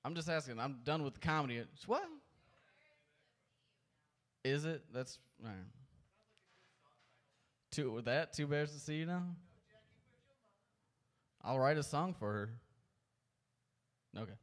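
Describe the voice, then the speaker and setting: A man's voice: fairly high pitch, a little slow, pauses often. A man doing stand-up at an open mic, with a profane, exasperated rant into a handheld mic. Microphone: handheld stage mic.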